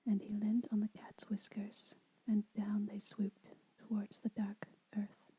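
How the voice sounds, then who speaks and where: A woman whispering a children's story aloud as an ASMR storyteller, soft and unhurried. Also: medium pitch, monotone, breathy edge, rough recording.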